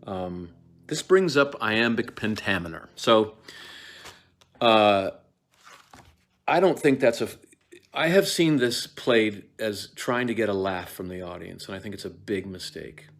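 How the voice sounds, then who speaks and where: An actor teaching Shakespeare gives a casual lecture on a play in a lowish, expressive, fairly bright voice. He digresses often, fills his talk with fillers and restarts, and acts out lines in quick quoted voices.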